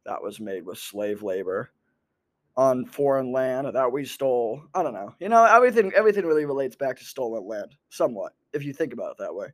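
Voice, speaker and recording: A young man rambling into a microphone in a sardonic stand-up style, full of fillers. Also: medium pitch. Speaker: comedian podcaster. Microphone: talking into a microphone.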